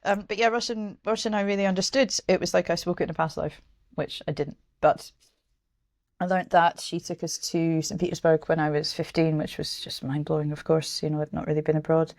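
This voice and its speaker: A low-pitched woman in her thirties from Scotland, chatting frankly as an interview guest. She talks in an animated, blunt way with the odd swear word and plenty of restarts. The recording is close and dry, with no room sound. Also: fairly quick, no room sound. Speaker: journalist and author guest. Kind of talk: casual interview chat.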